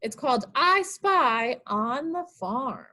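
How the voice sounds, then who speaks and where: A woman's voice: sits high, animated, slow, sharp tone. A woman, a children's librarian, reading picture books aloud during an online storytime, asking small children sing-song guessing questions.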